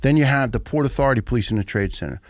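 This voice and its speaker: A man in his fifties, a retired firefighter and podcast guest, telling stories in an animated, profane way and acting out the dialogue. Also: mid-range voice, rapid-fire, no room sound, clean studio sound. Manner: animated, profane storyteller who acts out dialogue. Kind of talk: casual podcast conversation.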